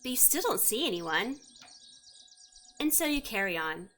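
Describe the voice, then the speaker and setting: Woman running a tabletop game, unhurried, wry little asides, faint noise and birds behind. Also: fairly high pitch, sing-song, pushed and bright. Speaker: game master.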